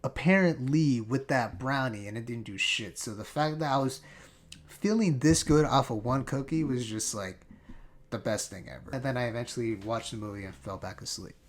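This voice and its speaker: A young man telling a personal story in a casual vlog, animated and full of swearing. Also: mid-range voice, normal speed. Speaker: vlogger.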